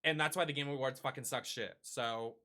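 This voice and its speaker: A man hosting a casual chat with his partner, talking in an animated, profane, ranting way. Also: medium pitch, brisk. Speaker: streamer host.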